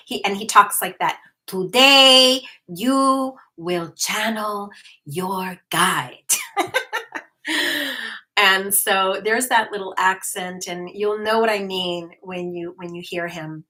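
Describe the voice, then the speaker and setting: Slow, bright-voiced woman chatting casually. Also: medium pitch. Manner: chatty, with frequent fillers and restarts; reads viewer comments aloud. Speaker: host, hypnotherapist. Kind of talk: casual livestream chat.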